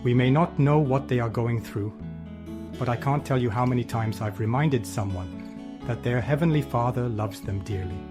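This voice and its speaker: A man's voice: medium pitch, moderate pace, music in the background. A man hosting a podcast, reading an earnest, faith-based thought for the day. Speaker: podcast host. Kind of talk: scripted inspirational reflection.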